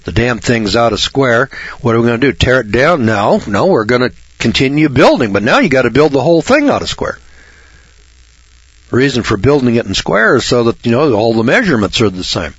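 Folksy, blunt male radio host with a husky voice, recorded dry and close. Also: medium pitch, big pitch swings, a little fast, dry recording, muffled recording. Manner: folksy, blunt, frequent throat clearing. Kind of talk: radio talk monologue.

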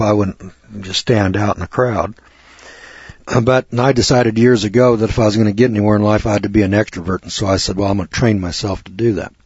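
A man preaches a sermon in a blunt, punchy, folksy way. His voice is husky. The recording is dull, lo-fi and dry. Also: fairly low pitch, a little mellow, no echo.

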